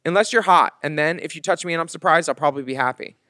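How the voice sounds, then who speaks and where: A man co-hosting a gossip podcast, telling his story with lively, animated delivery. His voice sits a little high for a man. The close mic sounds dry, with no room around it. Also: quick pace, no echo. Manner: animated storyteller who acts out the other people in his stories. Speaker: podcast co-host. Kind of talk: casual gossip chat.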